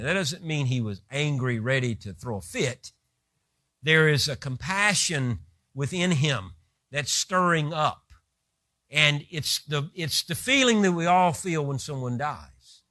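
A man's voice: a little high, sharp tone, dry recording, clean studio sound. A man preaching a sermon who retells scripture with vivid, rising emphasis.

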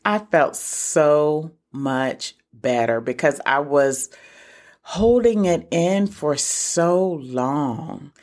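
A woman's voice: low voice, expressive, very slow, darkish tone. A middle-aged woman hosting a casual solo podcast, talking earnestly and encouragingly straight to her listeners. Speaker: podcast host for single moms.

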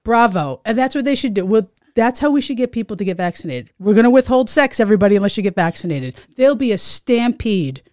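A woman's voice: medium pitch, expressive, fast talker, few pauses, a little mellow, no room sound, studio quality. A woman in casual chat as a co-host, chatty, laughing often and full of fillers.

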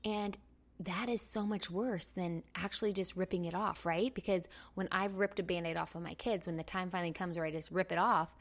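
A woman hosting a podcast, giving a casual motivational talk in an animated, self-mocking way and laughing often. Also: on the low side, brisk.

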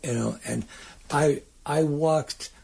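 Raspy, gravelly older man telling stories. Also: a little high, a little mellow. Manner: rambling, halting anecdotes. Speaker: guest singer-songwriter. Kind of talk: casual interview storytelling.

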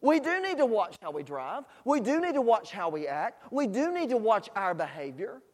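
A man's voice: high voice, very animated, normal speed, darkish tone. A man preaching a sermon, telling folksy stories with asides to the congregation. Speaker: pastor. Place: church sanctuary. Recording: long hall reverb in a church.

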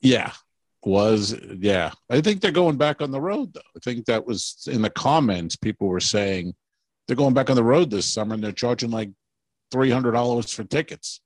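A man's voice: medium pitch, animated, normal speed, no room sound. A man co-hosting a podcast in casual chat, rambling through stories and laughing as he tells them. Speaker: podcast co-host.

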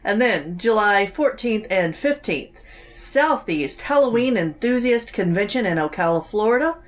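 A woman's voice: medium pitch, animated, unhurried. A woman co-hosting a podcast, reading event listings with easygoing dry quips. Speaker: podcast co-host.

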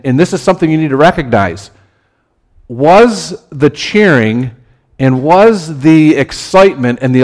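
A man preaching a conversational sermon as pastor, his delivery lively and building to emphatic peaks. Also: on the high side.

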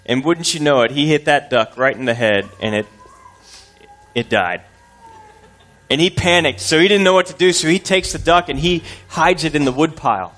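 Man, pastor, sermon, folksy storyteller, fairly high voice. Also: fairly bright tone.

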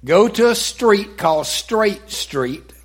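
A man voicing a calm, commanding divine voice from heaven. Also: high-pitched, slow pace, breathy edge, voice pushed up, exaggerated voice.

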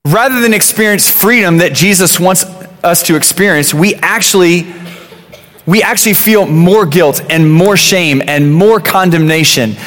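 Conversational preacher in an echoing hall. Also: male voice, high-pitched, unhurried, fairly bright tone. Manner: conversational, repeats words, many "you know" fillers. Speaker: pastor. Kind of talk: sermon. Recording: long reverb of a large hall.

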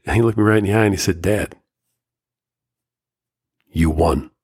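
A middle-aged man hosting a solo podcast, talking earnestly and emotionally in slow, measured phrases, firm and lecturing at times. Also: on the low side, fairly even intonation, slightly rough, no echo, clean studio sound. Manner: firm and lecturing about fatherhood. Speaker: podcast host.

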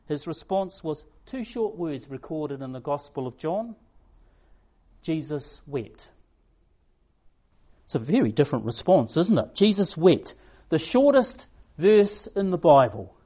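A man preaching a sermon, retelling a story with slow, emphatic pauses and a gentle storytelling manner. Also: a little high, very animated, dull audio.

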